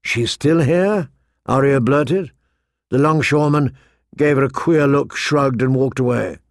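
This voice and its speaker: A man with a medium-pitched voice narrates a fantasy audiobook in a steady, measured storytelling style. The studio-quality recording is dry.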